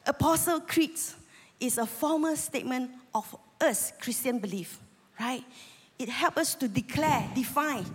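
A woman in her fifties with a Malaysian English accent delivers a sermon, earnest and openly emotional. She rallies her congregation, her voice pitched a touch high. The church hall gives her words a long, lingering reverb. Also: husky. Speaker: lay preacher. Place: church sanctuary.

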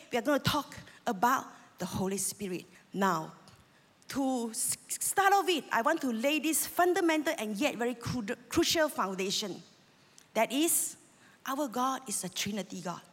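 A woman in her fifties with a Malaysian English accent delivers a sermon, earnest and openly emotional. She rallies her congregation, her voice pitched a touch high. The church hall gives her words a long, lingering reverb. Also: a bit bright, husky. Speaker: lay preacher. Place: church sanctuary.

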